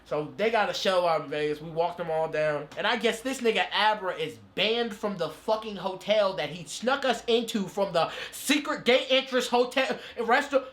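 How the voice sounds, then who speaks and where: A man in his twenties telling a story as a podcast guest, profane and animated, jumping into other people's voices. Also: moderate pace, hardly any pauses, roomy sound. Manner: animated, profane, acts out quotes in a higher voice. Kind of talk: casual storytelling interview.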